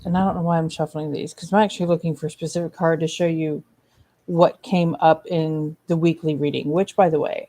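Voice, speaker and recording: Chatty woman with a mellow voice. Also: on the low side. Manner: chatty, gushing, casual swearing. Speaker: psychic medium. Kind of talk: casual weekly card reading.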